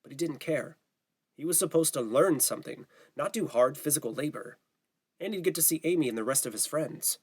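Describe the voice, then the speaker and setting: A man narrating an audiobook in a steady, even reading style. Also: a little high, fairly quick, breathy edge. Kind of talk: scripted narration.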